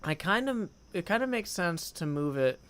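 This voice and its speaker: A man's voice: high voice, big pitch swings, normal speed, fairly bright tone, slight background noise. A man chatting casually on a gaming livestream at his desk mic, rambling, reading chat aloud and humming to himself. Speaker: streamer.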